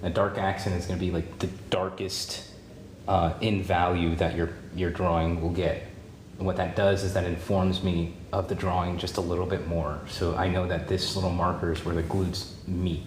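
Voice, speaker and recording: A man teaching a drawing demonstration, relaxed and encouraging, thinking aloud as he draws and repeating key points. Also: low-pitched, moderate pace. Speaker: art teacher. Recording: roomy with faint background noise.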